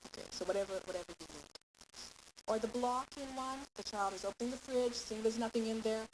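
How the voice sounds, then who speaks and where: A woman teaching a class of parents, lively and playing out little scenes of parents and children as she goes. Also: fairly high pitch, brisk. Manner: lively, acts out parent and child lines in quotes. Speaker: parenting educator. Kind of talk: live lecture to parents. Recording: steady hiss.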